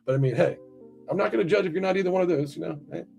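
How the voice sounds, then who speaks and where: A man's voice: sits high, rapid-fire, gravelly, a little mellow, faint music behind. An American man hosting a livestream, chatting casually and rambling with plenty of swearing while talking to his chat. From United States. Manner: profane, rambling, talks to chat. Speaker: livestream host.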